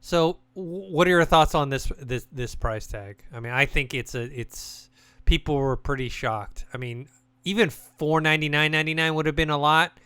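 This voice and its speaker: A man co-hosting a games podcast in casual chat, talking in a relaxed, rambling way with many restarts. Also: on the high side, moderate pace, smooth, no echo. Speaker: podcast co-host.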